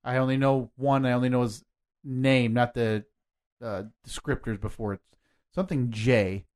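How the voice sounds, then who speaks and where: A young man co-hosting a podcast, teasing his partner with deadpan quips in casual banter. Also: mid-range voice, normal speed. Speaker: podcast co-host.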